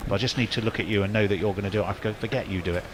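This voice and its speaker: A man's voice: on the low side, fairly even intonation, rapid-fire, noisy background. A man doing ball-by-ball cricket commentary in a wry, chatty, wordy way.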